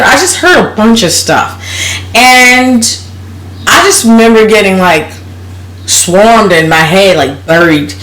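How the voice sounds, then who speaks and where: A woman's voice: fairly low pitch, big pitch swings, moderate pace, fairly bright tone, reverberant, slight background noise. A woman vlogger telling a personal story in a casual, blunt and profane way, laughing as she goes.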